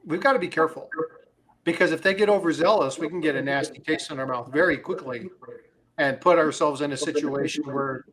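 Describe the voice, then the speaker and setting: A man's voice: on the high side, fairly quick, a bit bright. A man hosting a casual livestream, talking in a rambling way with many fillers and telling stories. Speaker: crypto livestream host.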